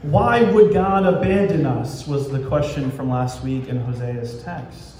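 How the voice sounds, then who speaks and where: A man's voice: fairly high pitch, unhurried, a little mellow. A man preaching a sermon as pastor, telling stories and acting out voices of God and the people. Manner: storytelling, acting out dialogue between God and people. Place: church. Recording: echoey church sanctuary with faint ambient noise.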